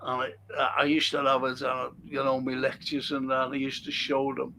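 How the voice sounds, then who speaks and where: Gravelly older Liverpool man spinning yarns. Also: medium pitch, flat delivery, normal speed, few pauses, sharp tone, slight background noise. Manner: storytelling, laughing often. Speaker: host. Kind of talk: casual chat reading viewer comments.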